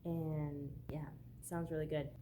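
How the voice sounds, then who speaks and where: A woman's voice: sits low, level tone, takes it slowly, noisy background. A woman chatting casually in a book haul vlog, bubbly and gushing, with lots of "like" fillers. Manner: bubbly, gushing, says "like" often. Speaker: book vlogger.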